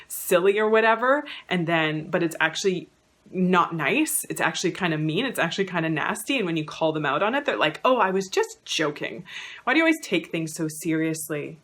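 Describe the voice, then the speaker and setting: A woman's voice: fairly low pitch, fairly bright tone. A woman counsellor giving an educational talk to camera, conversational with many "you know" fillers, acting out quoted lines. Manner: acts out quoted lines in a raised voice.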